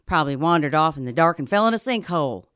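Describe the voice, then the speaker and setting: A woman's voice: low-pitched, expressive, quick pace, a bit bright, smooth, no echo, clean studio sound. A woman playing a feisty diner owner. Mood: exasperated. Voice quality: folksy, blunt. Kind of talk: radio drama acting.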